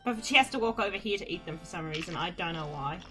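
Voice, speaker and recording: A woman's voice: fairly low pitch, animated, fast talker, over music. A woman giving wry, rambling casual commentary while playing an adventure game. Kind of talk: casual let's-play commentary.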